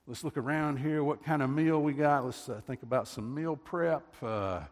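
A man's voice: on the high side, normal speed, voice pushed up, natural voice. A man voicing anxious male disciples who fret and plead with their teacher. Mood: fretful. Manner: fretful, pleading. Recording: long reverb of a large hall.

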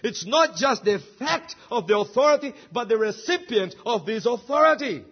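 A man's voice: very high voice, sing-song, normal speed, slightly rough, dull audio. A man preaching a sermon, emphatic and full of rhetorical questions. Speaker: pastor.

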